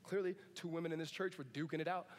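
Male pastor, 30s, high voice, casual joking sermon delivery, big reverberant room. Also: fairly even intonation, quick pace. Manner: conversational and joking, with asides and laughs. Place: church sanctuary.

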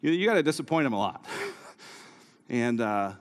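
A male pastor preaching a sermon who moves from quiet storytelling to raised, urgent exhortation. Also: mid-range voice, very animated, normal speed. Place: church hall. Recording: live sermon with long hall reverb.

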